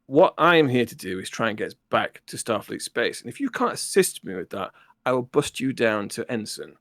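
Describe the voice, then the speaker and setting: A man doing a gravelly blunt military captain. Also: medium pitch, sing-song, brisk, fairly bright tone, no echo, studio quality. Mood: threatening. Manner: curt and threatening. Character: blunt no-nonsense male military starship captain.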